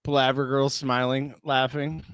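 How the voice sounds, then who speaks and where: A man's voice: mid-range voice, little pitch movement, unhurried, a bit bright, clear, resonant tone, dry recording. A man casually chatting on a live reaction stream, greeting viewers, laughing often, close to the mic. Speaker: reality show reaction host.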